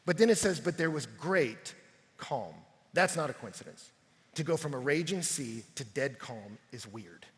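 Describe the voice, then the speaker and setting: A man preaching a sermon to a large crowd, swinging from hushed, slow lines to shouting. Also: medium pitch, expressive. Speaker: pastor. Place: large arena. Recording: live arena with long reverb.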